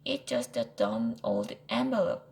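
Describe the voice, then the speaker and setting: A woman's voice: extremely low pitch, huge pitch swings, unhurried, creaky, darkish tone, voice pushed down, full character voice, rough recording. A woman reading as Arthur, a fretful boy aardvark. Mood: defensive. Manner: anxious, rambling excuses. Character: worried young boy aardvark, fretful and evasive.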